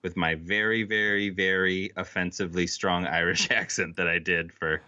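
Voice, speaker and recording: A man's voice: low voice, fairly even intonation, normal speed, bright, forceful tone, muffled recording. A man in his forties co-hosting a casual podcast, joking, teasing and laughing often. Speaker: podcast co-host. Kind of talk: casual chat.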